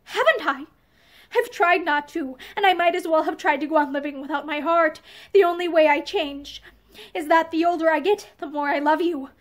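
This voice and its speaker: Woman voicing a heartsick man in a period novel reading, impassioned and pleading, voice pitched very high. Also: moderate pace, lightly acted. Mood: passionate pleading.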